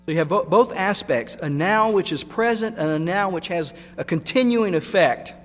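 A man's voice: sits high, expressive, moderate pace. A man preaching a sermon, emphatic and repeating key words for stress. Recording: long hall reverb with mains hum.

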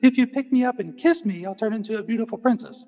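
A man voicing a tiny female talking frog who keeps pleading insistently. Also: quick pace. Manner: high squeaky insistent pleading. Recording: dull sound in a reverberant hall.

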